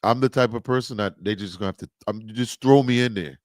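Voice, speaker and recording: A man's voice: on the low side, quick pace, no room sound. Laid-back man telling stories, dry sound. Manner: animated storyteller, acts out quoted voices. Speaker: podcast co-host. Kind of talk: casual chat.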